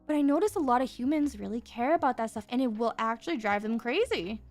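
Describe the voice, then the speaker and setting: A young woman with a high voice chats on a live stream while drawing. She rambles and giggles, excitable and loose. Soft music plays behind her. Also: quick pace. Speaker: VTuber streamer. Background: faint background music.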